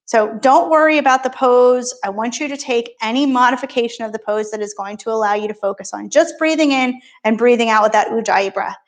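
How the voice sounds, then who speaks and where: A woman's voice: on the high side, brisk, hardly any pauses. A woman yoga instructor talking a beginner class through poses and breathing, with encouraging, playful step-by-step cues.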